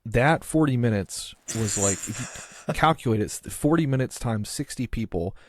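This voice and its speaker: A man's voice: medium pitch, animated, normal speed, slight background noise. A man hosting a podcast in casual chat, rambling and restarting with lots of filler words. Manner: rambling, heavy use of filler "like", trailing restarts. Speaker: podcast host.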